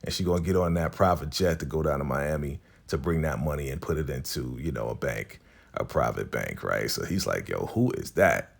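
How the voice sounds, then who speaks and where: Deep-voiced man casually recapping a show. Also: a little fast, vocal fry. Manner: laid-back slangy retelling, acting out characters' lines.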